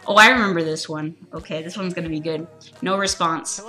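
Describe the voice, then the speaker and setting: A woman streams a game in casual let's play commentary, reading its text aloud and tossing in giggly, crude offhand jokes. Her fairly low voice is a little fast, bright and forceful, with soft background music.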